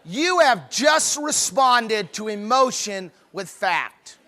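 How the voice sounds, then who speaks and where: A middle-aged man speaking at a marriage seminar, telling humorous stories with animated, playful self-mockery. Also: high voice, slow. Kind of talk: humorous seminar talk to couples.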